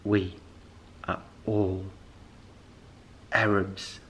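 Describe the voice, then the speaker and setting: A man's voice: deep voice, flat delivery, extremely slow, creaky. Jokey rambling man vlogging over street noise. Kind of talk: casual comedic vlog. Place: Dubai.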